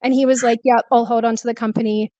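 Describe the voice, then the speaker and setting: A woman's voice: on the high side, flat delivery, quick pace, mellow, dry recording, dull audio. Woman guest, candid and emotional, stressed and a bit short of breath; dry, close recording. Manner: emotional, confessional, laughs often. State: stressed, out of breath while walking. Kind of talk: candid conversation. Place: walking, then sitting, on a remote call.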